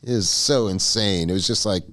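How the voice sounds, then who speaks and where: A man's voice: fairly low pitch, normal speed, fairly bright tone. A man co-hosting a podcast, telling a long story in a casual, profane way and laughing as he goes. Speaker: podcast co-host.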